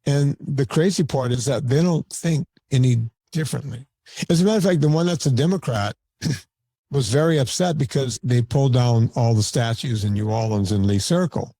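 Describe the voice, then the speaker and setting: A man's voice: mid-range voice, moderate pace, dark tone, no room sound. A man guesting on a podcast, talking in a blunt, argumentative way with frequent stammered restarts. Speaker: podcast guest, documentary filmmaker. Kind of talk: casual podcast conversation.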